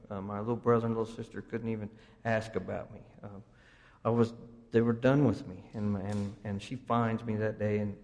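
A man with a drawl tells his story to a recovery group in a rambling, self-mocking way, stumbling over restarts. His voice sits at an ordinary middle pitch. It rings out with a long reverb, as if it is coming from a large meeting hall. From Oklahoma, US.

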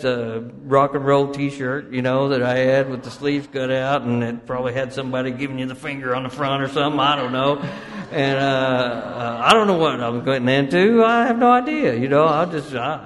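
A man with a drawl tells his story to a recovery group in a rambling, self-mocking way, stumbling over restarts. His voice sits at an ordinary middle pitch. It rings out with a long reverb, as if it is coming from a large meeting hall. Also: a bit bright. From Oklahoma, US.

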